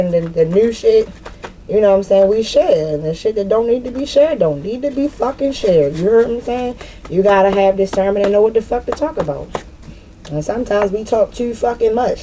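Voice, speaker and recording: A woman's voice: mid-range voice, dark tone, a little hiss or hum, low-quality recording. A woman giving a casual tarot reading straight to her viewers, swearing freely and laughing often. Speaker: tarot reader.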